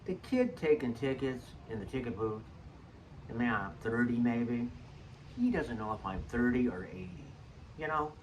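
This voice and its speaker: A man's voice: mid-range voice, lively intonation, moderate pace. An older man telling chatty, jokey stories about old ticket stubs, drifting off topic as he goes. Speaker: vlogger sharing saved ticket stubs. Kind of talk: rambling personal storytelling. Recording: distant mic with faint background noise.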